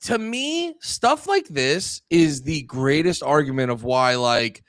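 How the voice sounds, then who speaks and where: Male comedy co-host, crude and mocking, lively higher voice, dry mic. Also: takes it slowly, no room sound. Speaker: podcast co-host. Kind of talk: casual comedy chat.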